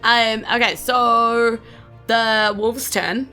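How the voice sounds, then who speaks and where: A woman's voice: fairly high pitch, fairly even intonation, drawn-out words, sharp tone, soft background music. A woman with a New Zealand accent narrating as game master in a tabletop game, chatty and giggly with many fillers.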